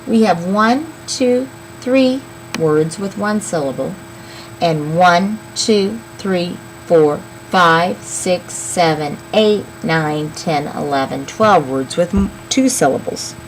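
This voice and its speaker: A woman teaching young children a phonics lesson, slowly sounding out words and counting syllables. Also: lowish voice, a little hiss or hum, rough recording. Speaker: elementary school teacher.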